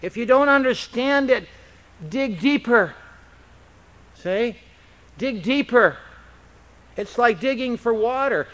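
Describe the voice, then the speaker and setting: A man with a high voice preaches in an unhurried, deliberate way. He teaches the Bible as a pastor and keeps the tone conversational. He keeps tossing rhetorical questions to his congregation. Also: lively intonation, fairly bright tone. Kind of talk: expository Bible-teaching sermon.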